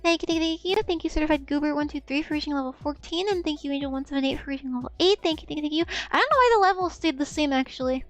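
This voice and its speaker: A woman's voice: sits high, rapid-fire, hardly any pauses, soft background music. A young woman streamer chatting casually, rambling and giggly, often stammering and repeating words and swearing freely. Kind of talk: casual live-stream chat.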